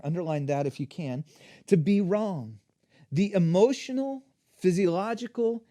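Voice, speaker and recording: Male pastor with a warm, mellow tone, preaching in a lively, chatty teaching way. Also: sits high. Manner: energetic, conversational teaching. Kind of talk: sermon.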